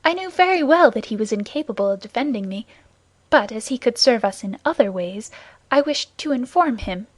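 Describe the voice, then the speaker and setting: A woman's voice: fairly high pitch, animated, fairly quick, no room sound. A woman voicing a frightened, secretive young woman in an audiobook, with urgent, pleading questions.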